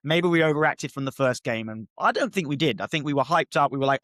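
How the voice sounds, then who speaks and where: A man's voice: fairly high pitch, no echo, studio quality. Exasperated man talking football. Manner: animated, exasperated, talks in quick bursts. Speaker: football podcast co-host. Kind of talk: casual football chat.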